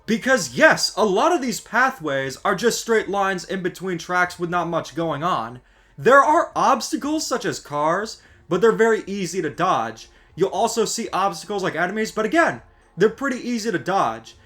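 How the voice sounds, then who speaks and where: High, animated ranting man. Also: moderate pace. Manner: exasperated and sarcastic. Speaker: gaming video creator. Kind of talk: scripted ranting commentary.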